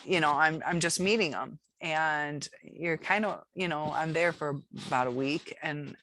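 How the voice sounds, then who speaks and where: Low-voiced woman musing candidly to camera. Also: measured pace, a bit bright, no room sound. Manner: rambling, many fillers and restarts, candid. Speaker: channel host. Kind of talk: casual talk to camera.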